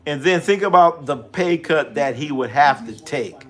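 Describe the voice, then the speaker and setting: A man's voice: a little high, lively intonation, moderate pace. A man hosting a casual sports livestream, joking with viewers and firing off rhetorical questions.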